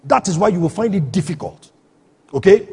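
A man preaching with a high, very husky voice that carries a long reverb from the hall around him. He presses his points with rhetorical questions, checking that the congregation is following him. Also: expressive, fairly quick, a little mellow. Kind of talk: sermon.

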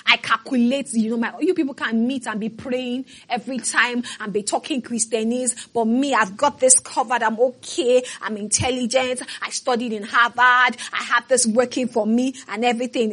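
High, husky-voiced woman preaching. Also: steady tone, normal speed, a bit bright. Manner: emphatic preaching, calls out to the congregation. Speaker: pastor. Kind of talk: sermon.

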